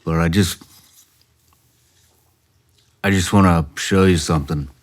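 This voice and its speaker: A male podcast host speaking slowly and hesitantly in an interview, pausing often with "uh.". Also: low voice, fairly even intonation. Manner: slow, hesitant, many "uh" pauses. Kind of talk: interview conversation. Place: podcast studio.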